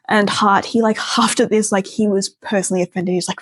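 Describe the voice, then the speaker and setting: A woman's voice: medium pitch, steady tone, fairly quick, hardly any pauses, dry recording. Wry, chatty woman telling a story. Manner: chatty, heavy use of filler "like", wry asides. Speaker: storyteller, doctor. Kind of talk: casual storytime.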